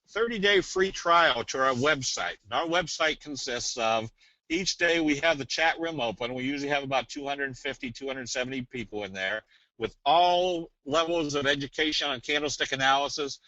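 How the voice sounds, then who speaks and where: A man presenting a casual trading webinar, talking in a folksy, rambling way and slipping into a sales pitch. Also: pushed and bright, no room sound, highs cut off. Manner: folksy, rambling, tells jokes.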